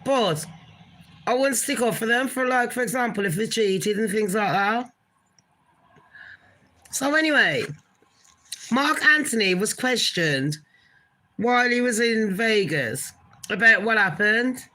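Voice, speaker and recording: Blunt woman ranting, bright voice. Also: a little high, expressive, measured pace, pauses often, low-quality recording. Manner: blunt, swearing, incredulous rants. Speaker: commentary vlogger. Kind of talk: casual gossip commentary.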